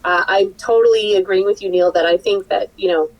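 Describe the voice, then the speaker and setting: A mid-pitched woman talks in a casual roundtable. She thinks aloud and now and then hums a tune as nonsense syllables to make her point. She sounds like a songwriting teacher. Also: steady tone, fairly quick, a little mellow, rough recording.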